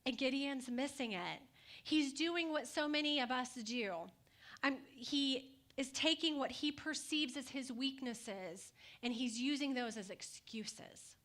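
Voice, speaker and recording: A woman's voice: high voice, takes it slowly, a bit bright. A woman pastor preaching a sermon in a conversational way, asking the congregation questions and adding light humor.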